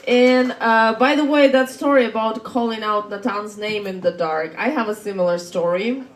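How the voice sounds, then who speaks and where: A woman's voice: fairly high pitch, normal speed, a little hiss or hum. Teasing woman hosting stand-up, echoey room. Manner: teasing, chatty, laughs between jokes. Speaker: comedy host. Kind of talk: stand-up and crowd work. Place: comedy venue, roomy.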